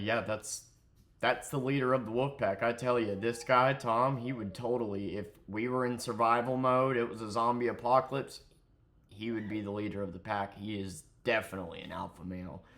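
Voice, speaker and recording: A man's voice: mid-range voice, pushed and bright. A man ranting angrily in a commentary vlog, profane and mocking. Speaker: commentary vlogger.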